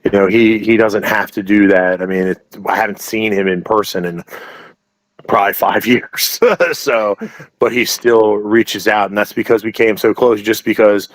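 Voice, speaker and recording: A man's voice: on the low side, fairly even intonation, moderate pace, no echo, poor audio. A man who owns a wrestling promotion, telling stories as an interview guest in a rambling way, full of restarts and asides. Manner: rambling, many restarts and "you know" asides. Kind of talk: casual interview storytelling.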